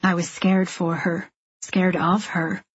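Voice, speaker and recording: A woman reading first-person fiction in an intimate, measured, confessional way. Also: fairly low pitch, little pitch movement, slightly rough, dry recording, muffled recording. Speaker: audiobook narrator. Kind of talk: scripted first-person narration.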